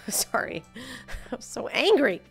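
A woman streaming a video game live, jumpy and excitable, swearing and laughing as she plays. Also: fairly low pitch, normal speed, gravelly, faint music behind. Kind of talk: live gameplay commentary.

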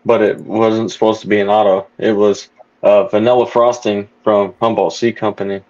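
A man hosting a casual podcast chat, laid-back and quick to laugh. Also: on the low side, level tone, darkish tone, highs cut off. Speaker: podcast host.

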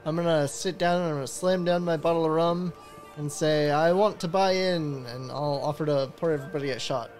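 A man player with a slightly higher voice, describing his pirate's actions with brisk swagger. Faint music plays behind him. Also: steady tone, a little mellow.

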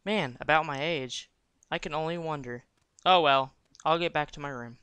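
Bright-voiced young man gaming. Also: a little high, normal speed, smooth, no room sound. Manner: joking, thinking aloud, reads game text. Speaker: let's play gamer. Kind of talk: casual gameplay commentary.

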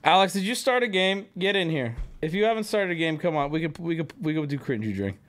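A man hosting a live stream, reacting loudly to clips, swearing and laughing often as he talks to his chat. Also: on the high side, expressive, fast talker, music in the background. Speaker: streamer host.

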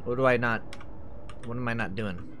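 A man's voice: medium pitch, normal speed, over music. A young man streaming a video game, talking casually and swearing often, with frequent frustrated outbursts at the game. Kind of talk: live gameplay commentary.

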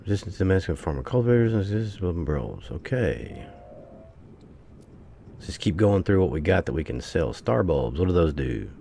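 Gravelly low-voiced man grumbling through a game. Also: sing-song, moderate pace, dark tone, a little hiss or hum. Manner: swears freely, grumbles and talks to viewers as "people". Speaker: gameplay streamer. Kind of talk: casual gameplay commentary.

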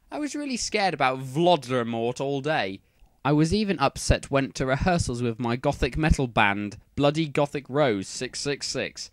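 A man reading fan fiction aloud for comedy, dropping deadpan sarcastic asides. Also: medium pitch, moderate pace, dry recording.

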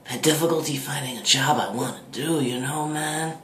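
A man's voice: medium pitch, normal speed, a bit bright, a little hiss or hum, lightly acted. A man doing a drawling stoner guy. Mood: mumbling. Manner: drawling, says "man" after nearly every phrase. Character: laid-back stoner man, impression of a comedian. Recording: echoey room.

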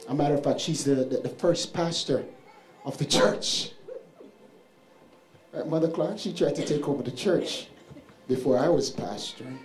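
A man preaching as pastor, telling a family story to his congregation in a church service. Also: on the high side. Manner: shouting exhortations, then telling a family story. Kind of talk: sermon. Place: church sanctuary with music. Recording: echoey church with instrument behind.

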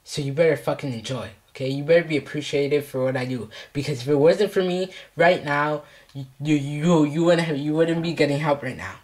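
A man's voice: on the high side, fairly quick, a little mellow. A male vlogger in a comedic scolding skit, swearing heavily and repeating mock threats and taunts.

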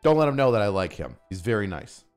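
A man hosting a casual stream, roasting his guest with loud mock-angry rants and heavy swearing. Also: fairly low pitch, very animated, fast, soft background music. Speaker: podcast host.

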